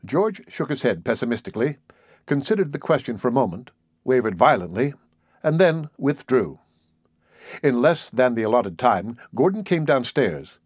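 A man's voice: medium pitch, very animated, normal speed, husky, dry recording. Man narrating a classic story, dry sound. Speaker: audiobook narrator. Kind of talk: scripted narration.

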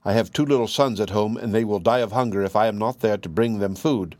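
A man reading a storybook voices a small, gentle wood pigeon in a raised, pleading voice. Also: lowish voice, fast, no room sound, close to an everyday voice.

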